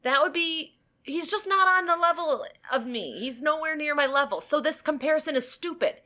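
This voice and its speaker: A woman's voice: sits high, moderate pace, pushed and bright. A woman co-hosting a podcast, telling a story in casual chat and laughing often. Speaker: podcast co-host.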